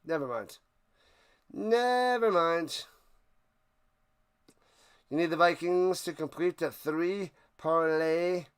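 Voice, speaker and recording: A man hosting a live stream, giving play-by-play commentary and chatting with viewers, erupting into loud excitement on big plays. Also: on the high side, smooth. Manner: chatty, answers viewers' questions. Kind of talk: play-by-play commentary with chat banter.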